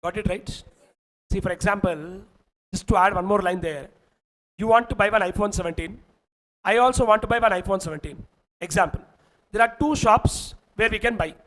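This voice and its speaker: High-voiced Indian English male lecturer. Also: normal speed, pauses often, a bit bright, low-quality recording. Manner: emphatic, keeps checking if students follow. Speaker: teacher. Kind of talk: online exam-prep lecture.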